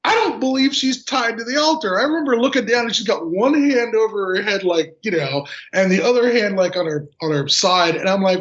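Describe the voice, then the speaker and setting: High-voiced man, lo-fi sound. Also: brisk, hardly any pauses. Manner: animated, sarcastic retelling. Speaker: podcast guest, game designer. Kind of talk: casual film discussion. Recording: dull lo-fi audio.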